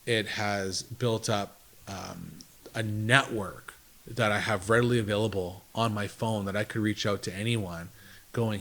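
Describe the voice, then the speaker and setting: A man's voice: lowish voice, steady tone, unhurried, fairly bright tone. A man, a business owner guest, telling stories in a casual interview, jumping between thoughts and acting out what others told him. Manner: rambling, jumps between thoughts. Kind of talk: conversational interview storytelling.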